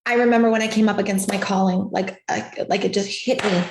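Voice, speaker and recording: A woman's voice: medium pitch, fairly even intonation, brisk, echoey room, a little hiss or hum. A woman hosting a live stream as a life coach, giving an emphatic, repetitive motivational talk over a video call. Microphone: video call setup.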